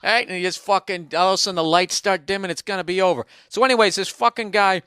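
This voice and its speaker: Man ranting profanely into a dry, crisp hotel-room mic. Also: high-pitched, fairly even intonation, fast, pushed and bright, no room sound. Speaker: comedy podcast host. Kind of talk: casual comedic rant. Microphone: single microphone, no headphones.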